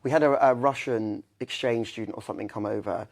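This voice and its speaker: A man's voice: mid-range voice, a little fast. Candid young man telling his story. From England. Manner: candid, rambling, many fillers and restarts. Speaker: guest. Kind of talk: conversational storytelling.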